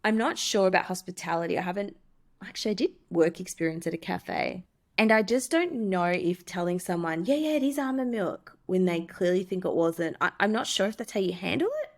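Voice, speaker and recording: A woman's voice: fairly quick, creaky. A woman, a podcast host and coach, candidly telling a personal story and teaching self-help steps, acting out the voices she quotes. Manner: candid, acts out quoted voices with lively pitch jumps.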